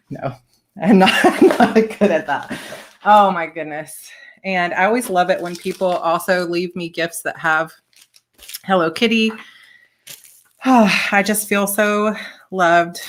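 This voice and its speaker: A woman's voice: on the low side, slow, long pauses, slight background noise. A woman hosting a casual live chat, opening fan mail and gushing, tearful and laughing often. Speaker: author and channel host.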